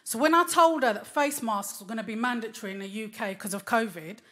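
A woman in her thirties with a London accent, performing a stand-up comedy set with a cheeky, deadpan delivery. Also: fairly high pitch, brisk, few pauses. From London, England. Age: 30s. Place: small comedy club stage. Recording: live club recording with loud crowd. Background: loud audience laughter and applause.

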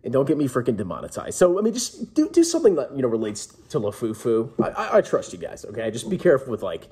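A man's voice: mid-range voice, wildly swooping pitch, quick pace, hardly any pauses, warm tone, husky. A man talking casually and rambling to his viewers as a finance YouTuber, emphatic and chatty, often tacking on "okay?".

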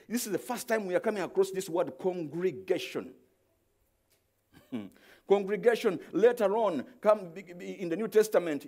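Male preacher, slightly high voice, wide swings from hushed teaching to shouted exclamation, repeats words mid-thought. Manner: swings from quiet explaining to shouted, drawn-out exclamations; repeats words when searching for them. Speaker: pastor. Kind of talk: sermon.

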